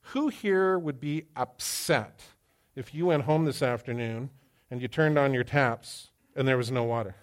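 A man, a pastor preaching a sermon to a live congregation, telling stories with lively swings in his voice and quizzing his listeners. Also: fairly high pitch, normal speed. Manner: animated storyteller who quizzes the congregation. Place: church hall with live audience.

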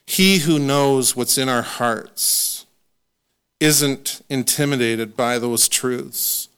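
A man delivering a sermon, his voice smooth and resonant at a middle pitch. He talks to the congregation in a relaxed, conversational way and pokes gentle fun at himself. When he reads scripture, he slows down and leans on the words. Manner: conversational, self-deprecating humor. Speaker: pastor.

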